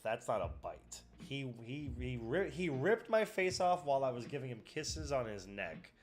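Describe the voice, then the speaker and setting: A man's voice: medium pitch, big pitch swings, normal speed, few pauses, soft background music. A man chatting casually as a streamer, rambling and emotional, swearing a lot, close to tears. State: tearful. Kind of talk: casual chat.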